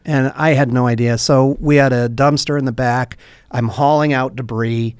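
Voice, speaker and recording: A nonprofit coffeehouse director tells stories in a podcast interview, animatedly acting out the people in them. His mid-range voice is clear and resonant at a normal speed, and the studio sound is clean and dry.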